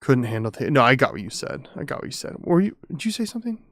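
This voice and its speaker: Gravelly, rambling male streamer in a home studio. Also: mid-range voice, sing-song, fast, fairly bright tone, no echo. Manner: rambling, swearing, chatty with viewers. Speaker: streamer and audio engineer. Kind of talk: casual live-stream chat. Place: home studio with sound panels.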